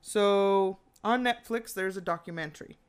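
Smooth-voiced woman retelling a story animatedly. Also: medium pitch, moderate pace. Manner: animated retelling, acting out quoted lines, fillers. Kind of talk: casual true-crime chat.

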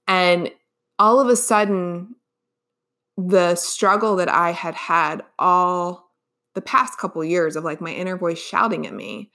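A woman in her forties hosts a solo podcast and talks casually straight to her listeners. She rambles warmly through a personal story, full of fillers and restarts. Her voice sits a little low for a woman. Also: measured pace. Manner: chatty, many fillers and restarts. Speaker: podcast host.

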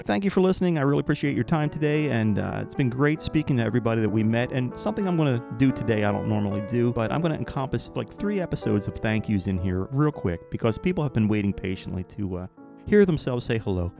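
A man hosting a podcast, giving a run of friendly, jokey thank-yous and shout-outs in an upbeat, chatty way. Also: medium pitch, lively intonation, quick pace, creaky, over music. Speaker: podcast host.

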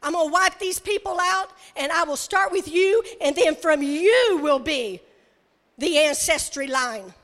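A woman's voice: high-pitched, a little slow, a bit bright. A woman preacher voicing God as a stern male deity who is angry at his people. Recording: reverberant hall.

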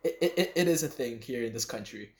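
A man's voice: medium pitch, lively intonation, quick pace, a little mellow. A young man from the Philippines, co-hosting a casual podcast chat and acting out the people in his stories. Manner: loose storytelling, acts out quoted people. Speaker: podcast co-host.

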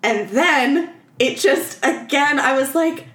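A woman's voice: sits high, slow, roomy sound. A woman chatting casually as a podcast co-host, telling a story with lots of acted-out quotes and frequent laughter. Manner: animated storytelling, acts out quotes, laughs often. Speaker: podcast co-host recapping a film. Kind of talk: casual chat.

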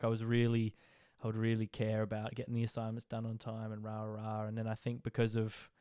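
Young Aussie male host, smooth dry voice, rambling and easygoing. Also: medium pitch, darkish tone, no room sound. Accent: Australian. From Australia. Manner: rambling, laid-back, frequent fillers and laughs. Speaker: podcast host. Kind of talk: casual life-story monologue.

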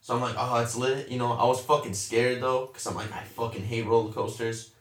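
A young man telling a story in casual chat, cursing often, full of slang and lively retellings. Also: mid-range voice, brisk. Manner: profane, animated storytelling with slang. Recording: roomy echo, a bit far from the mic.

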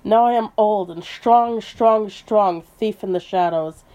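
A woman's voice: mid-range voice, slow pace, warm tone, dull audio, close to an everyday voice. A woman reading a gloating old dragon. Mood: gloating menace. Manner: read aloud from a book. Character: boastful ancient male dragon, menacing.

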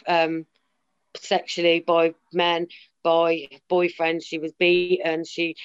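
A woman's voice: lowish voice, clean tone. A woman talking candidly in a casual chat, emphatic and often quoting herself and others. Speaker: guest sharing her story. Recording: slightly dull lo-fi sound.

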